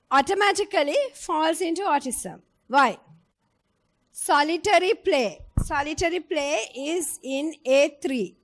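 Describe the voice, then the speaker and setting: A woman giving a clinical teaching lecture, explaining step by step and putting questions to her audience. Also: high-pitched.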